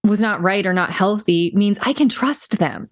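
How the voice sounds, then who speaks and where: An animated woman co-hosts a casual book club podcast, recorded close and dry with no room sound. Her pitch sits in a middle register for a woman. She retells stories and acts out the quoted lines as she goes. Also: moderate pace, no room sound. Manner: animated, quotes others in little voices. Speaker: podcast co-host.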